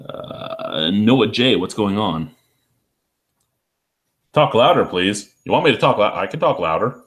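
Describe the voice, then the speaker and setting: Man, deep voice, casual storytelling, rambling, profane, restarts sentences. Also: very animated, normal speed, a bit bright. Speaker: beer review vlogger.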